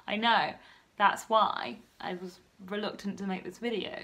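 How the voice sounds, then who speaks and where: A woman in her twenties, talking softly and a bit nervously in a personal vlog. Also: mid-range voice, fairly even intonation, moderate pace, few pauses. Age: 20s. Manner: soft-spoken and nervous, often hushed. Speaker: vlogger.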